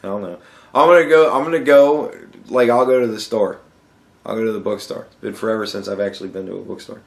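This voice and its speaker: A young podcast host talks fast in a creaky voice that sits on the low side. His rant is sarcastic and heavy on swearing, recorded in a room with lots of echo.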